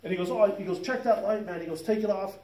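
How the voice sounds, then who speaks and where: Profane high-voiced man in his fifties. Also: fast, mellow. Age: 50s. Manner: profane, rambling, laughs through the story. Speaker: electrician telling a work story. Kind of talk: casual storytelling. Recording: roomy sound from a distant mic.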